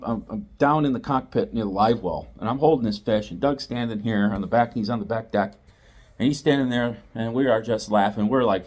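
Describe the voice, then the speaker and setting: Middle-aged male host, storyteller type, mid-range voice, lively and repetitive delivery. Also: mid-range voice. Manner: animated, acts out quotes, repeats himself. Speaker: fishing channel host. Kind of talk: storytelling monologue.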